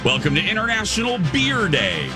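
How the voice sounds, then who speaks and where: A man hosting a morning radio show, chatting in a playful, jokey way with drawn-out exclamations. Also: high voice, huge pitch swings, loud music behind the voice. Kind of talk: casual morning radio banter.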